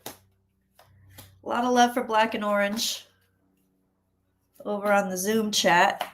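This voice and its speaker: A woman psychic chatting casually on a tarot livestream, chatty and animated, often acting out what people say. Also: medium pitch, slow, slight background noise.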